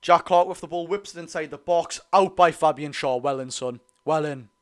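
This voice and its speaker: A young man with a Geordie accent doing live fan play-by-play of a football match, partisan, repetitive and excitable, breaking into loud celebrating. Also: a little high, moderate pace, clean tone. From North East England. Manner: partisan play-by-play with repeated phrases. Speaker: fan watch-along streamer.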